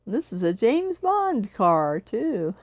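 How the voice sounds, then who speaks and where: A woman's voice: mid-range voice, sing-song, takes it slowly, no room sound. An older woman streaming a racing game, chatting casually and giggling often. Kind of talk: casual live-stream commentary.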